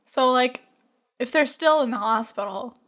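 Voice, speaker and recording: A woman co-hosting a casual podcast chat, giggling as she pitches a silly game idea. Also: moderate pace, fairly bright tone. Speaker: podcast co-host.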